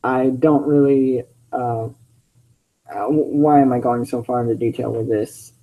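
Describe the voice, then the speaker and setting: A man's voice: medium pitch, steady tone, measured pace, phone-quality sound. Chatty man reading fan fiction with asides. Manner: chatty, self-interrupting, giggly asides.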